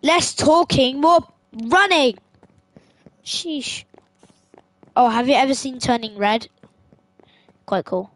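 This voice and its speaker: Excitable woman gaming. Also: high voice, slow pace, pauses often, no room sound. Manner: excitable, yelps and exclaims while playing. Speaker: gaming streamer. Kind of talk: casual gameplay commentary.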